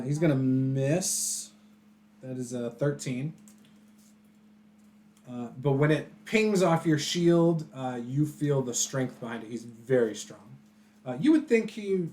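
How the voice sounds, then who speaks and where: A man's voice: mid-range voice, expressive, unhurried, darkish tone, slight background noise. A man running a tabletop game as game master, describing the action casually with fillers and laughs.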